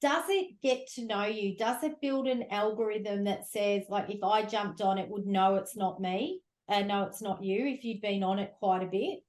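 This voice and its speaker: A woman's voice: mid-range voice, normal speed, hardly any pauses, a little mellow. A woman hosting a podcast interview, conversational and enthusiastic, with many affirming remarks. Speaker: podcast host. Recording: roomy echo.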